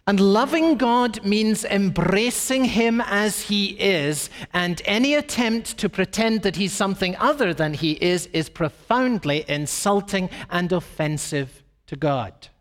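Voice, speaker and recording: High-voiced man preaching emphatically. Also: measured pace, hardly any pauses. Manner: emphatic, dramatic shifts in pace and pitch. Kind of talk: sermon. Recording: long reverb of a large hall.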